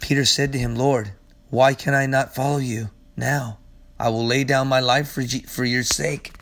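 A man in his forties, a pastor preaching and praying in earnest, emphatic bursts that drop to soft prayer. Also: mid-range voice, fairly even intonation, moderate pace, gravelly. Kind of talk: sermon and closing prayer. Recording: loud guitar music behind.

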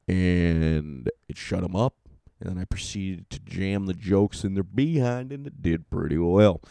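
A man's voice: low voice, a little slow, vocal fry, mellow, no echo. A young adult man from California, a stand-up comedian telling rambling, profane tour stories in a casual podcast monologue. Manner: profane, rambling, self-mocking.

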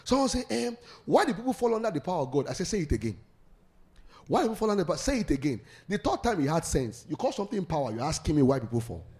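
Preacher guy, voice jumps all over, fairly high, gets the crowd repeating after him. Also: rapid-fire. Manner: animated, leads congregation call-and-response, laughs often. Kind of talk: sermon.

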